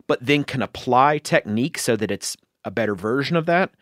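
A man's voice: medium pitch, lively intonation, brisk, fairly bright tone, dry recording. A man, a chef chatting as a podcast guest, rambling through long explanations full of fillers. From Southern United States. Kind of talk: casual conversation.

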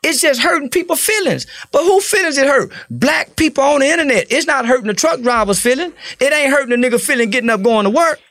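A man's voice: very high-pitched, big pitch swings, fast, hardly any pauses, fairly bright tone, dry recording, clean studio sound. A middle-aged man from Texas, talking bluntly and profanely as a podcast guest. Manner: blunt, profane, preacher-like storytelling. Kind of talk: casual interview talk.

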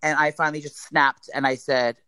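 Podcast co-host, New man, quick and animated, swears freely, dry close mic. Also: fairly high pitch, clean tone, no echo. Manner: rambling, profane, animated retelling. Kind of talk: casual storytelling chat.

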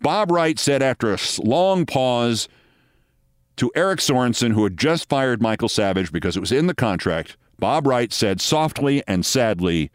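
A man's voice: medium pitch, lively intonation, moderate pace, no echo, clean studio sound. Sardonic man hosting a podcast. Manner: sardonic, dramatic storytelling delivery. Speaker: podcast host. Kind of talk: scripted political commentary.

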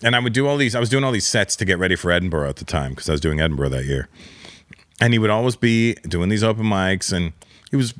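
A man hosting a podcast as a comedian, telling stories in a quick, animated way and swearing freely. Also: low-pitched, no room sound. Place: studio in Los Angeles.

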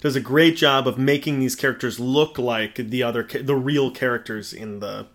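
Relaxed guy on a podcast, lots of mm-hmms, chill comic book talk. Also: medium pitch, moderate pace. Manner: relaxed, agreeing with many short mm-hmms. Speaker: podcast co-host. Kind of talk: casual chat about comics.

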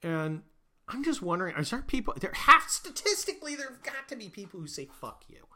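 Sarcastic, profane man with a bright voice. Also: extremely high pitch, sing-song, fairly quick. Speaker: podcast host. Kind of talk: sarcastic political rant.

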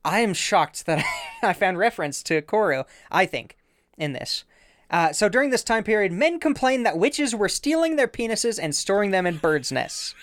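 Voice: medium pitch, sing-song, normal speed, fairly bright tone, dry recording, clean studio sound. A podcast co-host explaining research in a casual, playful chat, laughing often and making joking asides.

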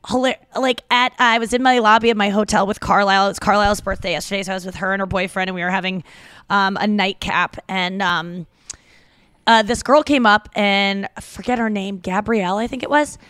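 An excitable woman hosts a podcast, rambling from one thought to the next with crude humor and quick laughs. Her voice sits in a middle range and sounds dry and close on the microphone, with no room around it. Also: mid-range voice, smooth, dry recording. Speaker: podcast host. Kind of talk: casual podcast chat.

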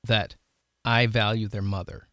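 A man hosting a casual interview, thoughtful and halting, often repeating words as he works out a point. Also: on the low side, level tone, a bit bright, dry recording, studio quality. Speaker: podcast host.

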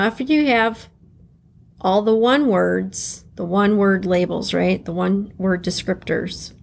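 Slow, gravelly-voiced woman guiding reflection. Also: medium pitch, slight background noise. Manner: slow, calm, repeats key phrases to guide listener. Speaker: podcast host. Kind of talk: guided reflection exercise.

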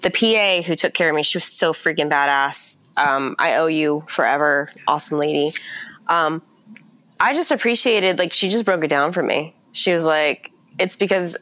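A woman's voice: deep voice, normal speed, a bit bright. A woman in her thirties, a teacher, venting with lots of swearing on a casual podcast while she is sick and exhausted. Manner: profane, angry venting.

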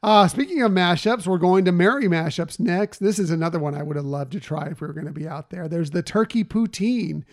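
A man's voice: high-pitched, brisk, hardly any pauses. A man hosting a casual podcast chat, reading out long lists of menu items with fillers and restarts. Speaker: podcast host.

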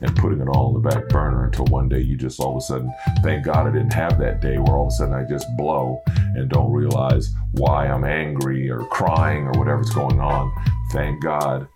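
A man's voice: rumbling low, little pitch movement, normal speed. A middle-aged man, a podcast host and minister, praying earnestly and then signing off his show with heartfelt repetition. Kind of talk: spoken prayer and podcast sign-off. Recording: loud guitar music behind. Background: loud guitar music.

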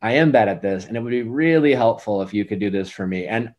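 A man's voice: lowish voice, fast, darkish tone. A man in his forties giving relationship advice in a casual podcast chat, rambling and earnest with many fillers. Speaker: dating advice guest.

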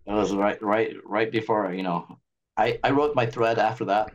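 A man's voice: on the low side, normal speed, dull audio, slight background noise. A man, a doctor appearing as a guest, talking animatedly and speculating in a casual interview.

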